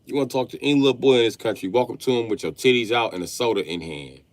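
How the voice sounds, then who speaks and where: A man's voice: medium pitch, racing, no room sound. A man in his late thirties telling profane, comic stories on a livestream, laughing as he goes. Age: late 30s. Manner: animated, profane, laughs mid-story. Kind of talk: comedic storytelling rant.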